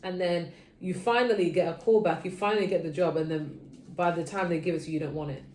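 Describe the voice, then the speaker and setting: A woman giving a casual tarot reading, chatty and sleepy, drifting between low murmurs and sudden bursts of energy. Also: steady tone, fast talker, darkish tone, echoey room. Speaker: tarot reader.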